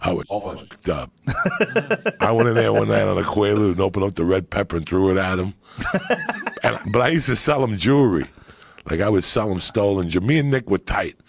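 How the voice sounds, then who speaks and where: A middle-aged man telling animated, profane stories in casual chat on a podcast. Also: lowish voice, brisk, gravelly, a little hiss or hum. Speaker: podcast guest storyteller.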